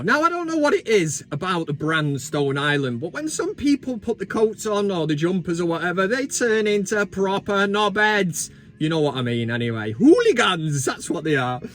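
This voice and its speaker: A man's voice: high-pitched, a bit bright. A man in his thirties hosting a football vlog, giving blunt, sweary and mocking commentary in a casual chat.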